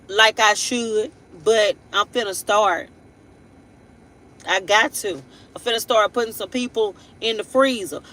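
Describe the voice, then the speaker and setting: A woman's voice: on the high side, sharp tone, rough recording. A woman hosting a casual live tarot reading. She rambles in a blunt, playful way, with laughing asides and frequent tag questions. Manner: blunt and playful, with slangy everyday speech. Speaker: tarot reader and live-stream host.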